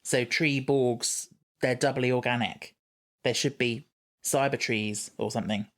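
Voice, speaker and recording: A man's voice: medium pitch, steady tone, measured pace. A man co-hosting a podcast in casual chat, playful and encouraging, often giggling. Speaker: podcast co-host.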